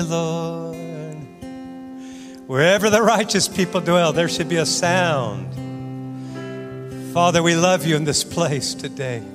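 Preaching man in an echoey church. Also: a little high. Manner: swings from loud exhortation to soft prayer. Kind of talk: sermon with prayer. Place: church sanctuary. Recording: church hall reverb with guitar music.

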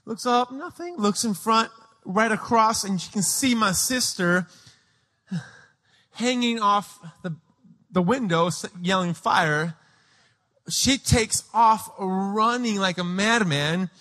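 High, bright-voiced preacher. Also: male voice, takes it slowly. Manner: animated, acts out the scene. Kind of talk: sermon storytelling.

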